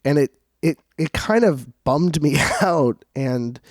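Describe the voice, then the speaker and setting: A man's voice: a little high, expressive, slow, no room sound. Rambling young man in casual chat. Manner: rambling storyteller, acts out quotes. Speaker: co-host.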